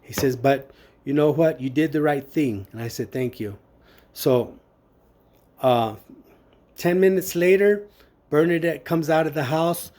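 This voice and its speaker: A man giving personal testimony, telling a family story in a halting way with many pauses and fillers, acting out the dialogue he quotes. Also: on the high side, a little mellow.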